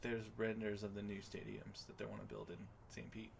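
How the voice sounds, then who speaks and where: A young man co-hosting a sports podcast live stream, chatting eagerly about his teams in quick casual banter. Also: fairly low pitch, completely flat delivery, gravelly, noisy background. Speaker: podcast co-host.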